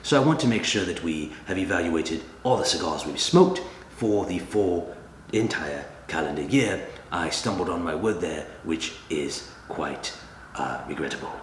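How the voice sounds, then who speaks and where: A man hosting a comedic review, talking in a dry, deadpan way. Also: low voice, normal speed. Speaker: cigar reviewer, channel host. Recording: echoey room with faint ambient noise.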